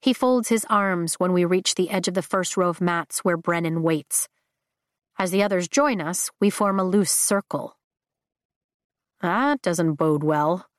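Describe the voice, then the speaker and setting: A woman narrating a novel in the first person, steady and measured, on a close mic. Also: on the low side, no room sound. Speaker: audiobook narrator.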